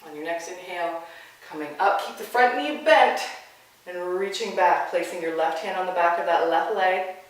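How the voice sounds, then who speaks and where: A yoga instructor guiding a class with short, calm, encouraging spoken cues. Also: mid-range voice, moderate pace. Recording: very echoey room, mic far off.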